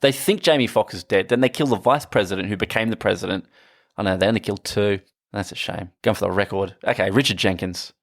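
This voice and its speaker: A man co-hosting a casual film podcast, blunt, sweary and excitable. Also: on the low side, quick pace, dry recording, studio quality. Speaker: podcast co-host. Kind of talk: casual chat.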